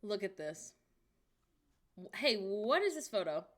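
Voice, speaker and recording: A woman on a casual stream, talking half to herself as she browses and tossing out wry remarks about whatever pops up. Her pitch swings freely, with a middling voice that rises and falls all over the place. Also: sing-song, measured pace. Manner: chatty, wry, reacts out loud to what she sees. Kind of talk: casual chat while browsing online.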